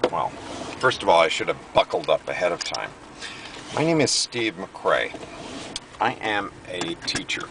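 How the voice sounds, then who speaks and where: Earnest American man talking in a car. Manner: earnest, pitching ideas, self-correcting. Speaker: English teacher. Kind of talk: rambling video monologue. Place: inside a car on a city street. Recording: distant mic with loud road noise.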